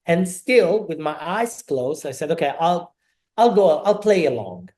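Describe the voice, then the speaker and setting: A man's voice: on the high side, a little slow. A middle-aged man from Naples, a podcast guest telling a personal story and acting out the dialogue as he goes. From Naples, Italy. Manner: animated, acts out quoted dialogue.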